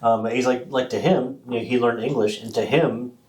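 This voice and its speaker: A man hosting a podcast, talking casually in a rambling, animated way. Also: mid-range voice, moderate pace, low-quality recording. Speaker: podcast host. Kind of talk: casual chat.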